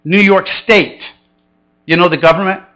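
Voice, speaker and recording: Speaking at normal speed with a steady, pushed and bright tone, a middle-aged pastor tells funny stories in a conversational sermon. He jumps sharply in pitch to act out quoted voices, and the recording quality is low.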